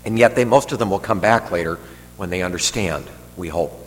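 A priest with a fairly low voice delivers a homily in a relaxed, rambling, conversational way, slipping in dry jokes. His words echo with long hall reverb, and a faint hum runs underneath. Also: fairly quick. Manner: conversational, digressive, joking asides. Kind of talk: sermon. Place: church hall.

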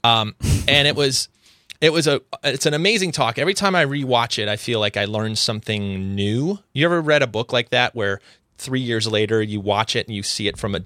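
A man's voice: medium pitch, brisk, sharp tone, no echo, studio quality. A man hosting a podcast in casual chat, rambling and often restarting his sentences. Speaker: podcast host.

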